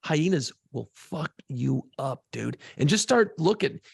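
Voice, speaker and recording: A man co-hosting a podcast, telling a profane, excitable story in casual chat. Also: a little high, measured pace, no echo, clean studio sound. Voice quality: gravelly, husky voice. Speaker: podcast co-host.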